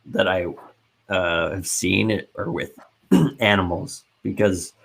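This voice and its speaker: Deep-voiced rambling podcast guy. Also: steady tone, slow pace, gravelly, a bit bright. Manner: rambling, restarts sentences often. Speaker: podcast co-host. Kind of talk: casual chat.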